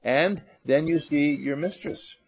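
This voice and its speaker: A man's voice: a little high, takes it slowly, creaky, darkish tone. A man giving an inspirational talk, playful, acting out little scenes and repeating phrases for emphasis. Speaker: motivational speaker.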